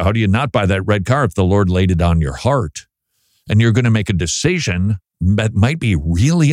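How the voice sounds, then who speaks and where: A man's voice: lowish voice, a little mellow, no room sound, studio quality. Wry, chatty man hosting a talk show. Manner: chatty, wry, reads listener emails aloud. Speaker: Christian radio host. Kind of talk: casual talk show commentary.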